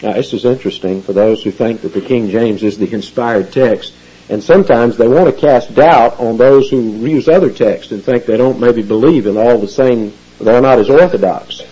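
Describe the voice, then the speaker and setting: A man preaching an expository sermon, explaining Bible words with animated emphasis and teacherly asides. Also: mid-range voice, moderate pace, husky, highs cut off. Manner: animated teaching, rising emphasis on key phrases. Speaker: pastor.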